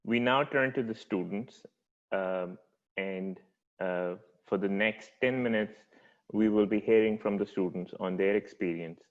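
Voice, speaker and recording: A man moderating an online ceremony, speaking haltingly with fillers as he introduces the next part. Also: lowish voice. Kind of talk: formal event moderation. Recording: tinny phone-like line.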